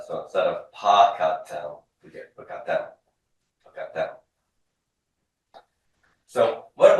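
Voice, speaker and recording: Lower-voiced male teacher in an echoey classroom. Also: recorded from a distance. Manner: explanatory, repeats words, drills forms aloud. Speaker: Hebrew instructor. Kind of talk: classroom lecture.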